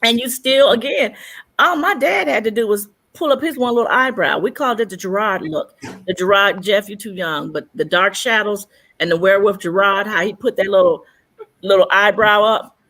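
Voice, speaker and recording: A woman's voice: mid-range voice, normal speed, a bit bright. A woman co-hosting a casual panel chat, telling stories and acting out the dialogue she quotes.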